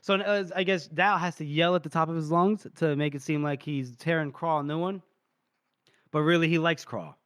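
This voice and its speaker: A man's voice: fairly high pitch, steady tone, normal speed, a bit bright, smooth, no echo, studio quality. A man co-hosting a podcast, casually retelling a book chapter and briefly acting out the characters' lines. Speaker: podcast co-host.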